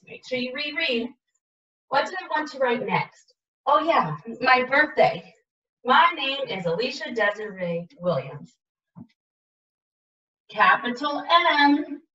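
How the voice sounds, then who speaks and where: A woman teaching a writing lesson to young children, modeling aloud and sounding out letters slowly and with exaggeration. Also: on the high side, bright, forceful tone, reverberant, distant mic, muffled recording.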